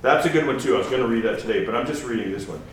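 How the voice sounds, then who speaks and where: A man giving an informal, halting sermon with asides, as a guest preacher. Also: mid-range voice. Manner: conversational, halting, with restarts and asides. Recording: echoey hall from a distance with faint noise.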